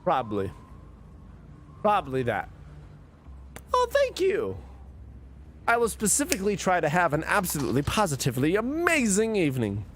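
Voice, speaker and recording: A man's voice: high-pitched, wildly swooping pitch, moderate pace, pauses often, background noise. A drunk man streaming a story game, rambling, swearing and chatting with his viewers. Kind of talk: casual let's-play commentary.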